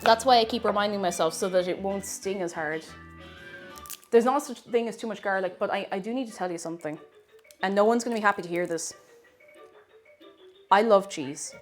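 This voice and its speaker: A woman's voice: medium pitch, brisk, pauses often, soft background music. A young Irish woman with a Tipperary accent, chatting and giggling with her viewers while cooking on a live stream. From Tipperary, Ireland. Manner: chatty, giggly, greets chat warmly. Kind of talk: casual cooking stream chat.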